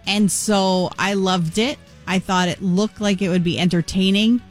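A woman's voice: mid-range voice, steady tone, unhurried, faint music behind. A woman co-hosting a talk show, chatting enthusiastically in a TV studio. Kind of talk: casual studio chat.

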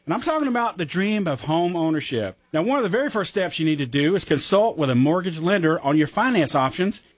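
A man's voice: a little high, lively intonation, a little fast, husky, no echo. A man co-hosting a radio show, reading an upbeat ad. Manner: laughs often, upbeat ad delivery. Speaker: radio co-host. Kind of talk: casual radio chat and ad reading.

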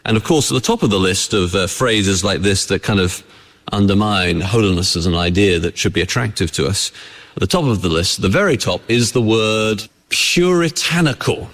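A man's voice: on the low side, expressive, normal speed, a bit bright. Man preaching in a reverberant church. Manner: conversational, asks the congregation rhetorical questions. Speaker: pastor. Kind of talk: sermon.

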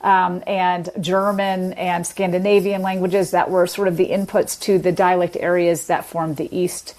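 A woman's voice: fairly low pitch, little pitch movement, a little slow, darkish tone. A woman guest explaining dialect features in an interview, articulate and patient, illustrating points with examples. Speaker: linguist guest.

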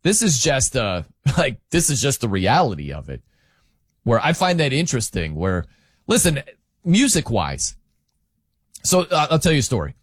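Animated, emphatic male sports talk host. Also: medium pitch, moderate pace, long pauses, breathy edge, no echo, studio quality. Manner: animated, emphatic, rambling with restarts. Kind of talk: opinionated sports commentary.

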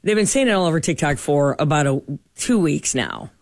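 A woman, co-hosting a morning radio show and chatting casually with quick asides. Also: sits low, expressive, no echo, clean studio sound. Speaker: radio co-host.

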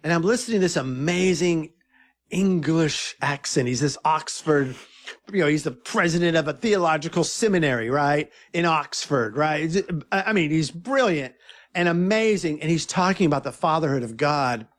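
High-voiced animated man telling stories. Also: normal speed. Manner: animated, eager storyteller who quotes others. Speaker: filmmaker guest. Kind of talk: casual interview storytelling.

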